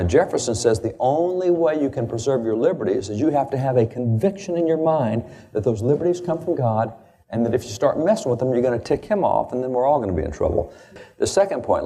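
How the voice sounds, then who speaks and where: Emphatic male lecturer, warm tone, mid pitch. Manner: emphatic, reads quotations aloud with stress. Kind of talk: historical lecture.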